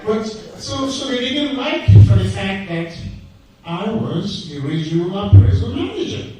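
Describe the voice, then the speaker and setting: A man's voice: high-pitched, animated, measured pace, mellow, very echoey, distant mic, slight background noise, rough recording. A middle-aged man from Nigeria with a Nigerian accent gives an emphatic motivational talk full of rhetorical questions and stories. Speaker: speaker.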